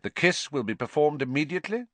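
A man's voice: fairly high pitch, expressive, fast talker, fairly bright tone, dry recording, voice pushed up. A man voicing a cold, sneering male teacher who roars when angered. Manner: sneering, roaring.

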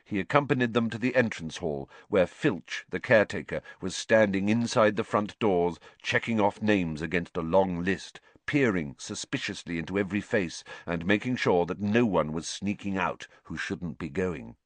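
A man narrating an audiobook in an expressive storytelling manner. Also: low-pitched, normal speed, few pauses, no echo. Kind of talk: scripted narration.

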